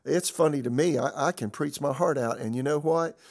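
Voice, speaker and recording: A man's voice: fairly high pitch, fairly quick, gravelly, a little mellow. A man pastor teaching in a conversational sermon style, telling a personal story with many fillers and restarts.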